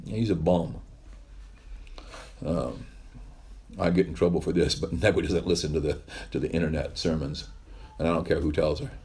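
A man's voice: very deep voice, steady tone, normal speed, long pauses, darkish tone, husky. A male pastor giving a conversational sermon, telling stories in a rambling way with wry asides.

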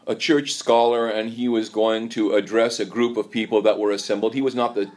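Halting low-voiced man preaching. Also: flat delivery, a little mellow. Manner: halting, repeats words, storytelling. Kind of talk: sermon.

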